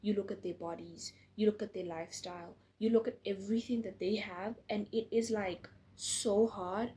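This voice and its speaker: A woman's voice: mid-range voice, steady tone, moderate pace, warm tone. A tired young woman talking casually to camera as a faith vlogger, earnest and encouraging, with frequent restarts. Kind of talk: casual direct-to-camera talk.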